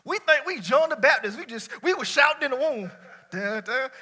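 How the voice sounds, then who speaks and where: Pastor, man, high and very bright voice; loose colloquial sermon, swings from shouts to hushed asides. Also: a little fast. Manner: lively colloquial preaching, swinging between shouts and near-quiet asides. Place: church before a congregation.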